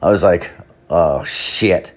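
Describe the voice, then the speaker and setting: A man's voice: sits low, takes it slowly. A young man hosting a podcast, telling a rambling, profane story full of fillers. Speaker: podcast host. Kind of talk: casual storytelling monologue.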